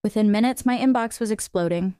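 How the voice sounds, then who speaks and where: A woman narrates a first-person story in a smooth, crisp voice that sits at a mid pitch. The delivery is steady and scripted. The recording is close and dry, with no room sound. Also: brisk, no echo.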